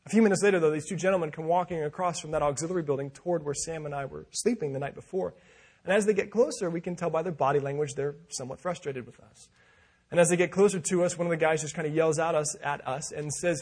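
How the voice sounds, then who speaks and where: A man delivers a sermon as a story, animated and lively, acting out the people he quotes. His voice sits high and carries a husky edge. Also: fast talker. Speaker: preacher.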